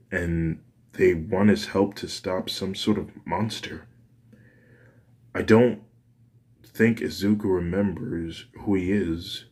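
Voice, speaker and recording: A man's voice: low voice, a little mellow. A man voicing a worried, earnest teenage boy in a fan story, speaking hesitantly.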